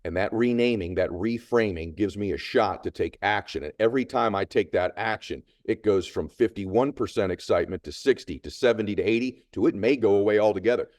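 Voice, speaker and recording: A man's voice: lowish voice, brisk, hardly any pauses, darkish tone, no room sound. A middle-aged man hosting a motivational podcast, telling a story with emphatic, coaching delivery and repeated punchy phrases.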